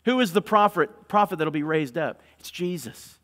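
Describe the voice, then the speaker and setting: A male pastor preaches with fervor. His voice sits high for a man, and he swings from loud proclamation to low, pressing intensity. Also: moderate pace. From North Carolina, USA. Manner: impassioned, swings from loud declaring to hushed intensity. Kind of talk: sermon.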